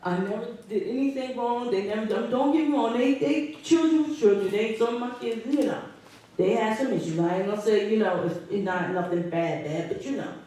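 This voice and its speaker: A woman, a resident speaking at a public meeting, talks in an emotional, hurt way, halting and restarting as she speaks. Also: fairly high pitch, dark tone. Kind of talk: public comment. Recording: echoey hall, distant mic.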